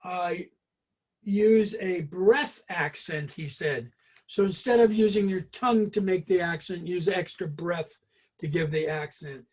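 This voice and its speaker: High-voiced man leading a brass lesson. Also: unhurried, darkish tone. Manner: chatty, hesitant, many ums and restarts. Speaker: group brass lesson leader. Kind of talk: casual spoken music lesson.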